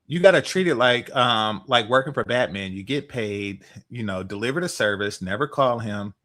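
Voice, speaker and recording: A man's voice: medium pitch, expressive, normal speed, pushed and bright. A man giving heated, profane commentary, repeating himself and swearing as he rants.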